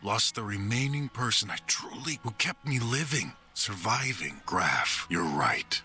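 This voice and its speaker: A man's voice: fairly low pitch, bright, forceful tone, full character voice. An actor voicing a weary, guilt-ridden male detective in a video game, brooding and heavy.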